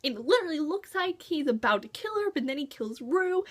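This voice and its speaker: A high-pitched woman gushes excitedly about a book at a brisk clip, her voice swinging widely up and down as she acts out her own reactions. It feels like a relaxed, casual review in everyday chat.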